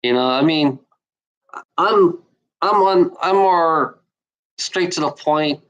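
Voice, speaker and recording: A man's voice: a little high, takes it slowly, a bit bright, highs cut off. A man ranting bluntly and profanely in a casual video, with many restarts and filler words. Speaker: video maker. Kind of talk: casual unscripted rant.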